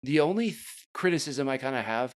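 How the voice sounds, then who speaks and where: A man's voice: medium pitch, animated, brisk. A man co-hosting a podcast, chatting casually and reviewing a film in a laid-back, loose way. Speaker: podcast co-host.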